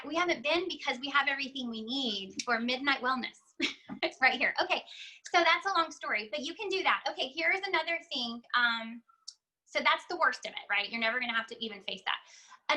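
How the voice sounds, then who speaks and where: Bright, high-voiced woman. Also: a little fast, low-quality recording. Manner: animated storyteller who acts out quoted dialogue. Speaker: host sharing home remedy testimony. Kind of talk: casual testimony talk.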